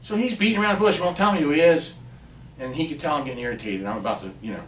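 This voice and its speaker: A man in his fifties from Pennsylvania spins a casual, animated story as a podcast guest and swears now and then. His voice sits at an ordinary middle pitch. The mic is some way off in a reverberant room. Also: racing, slight background noise. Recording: roomy and distant from the mic.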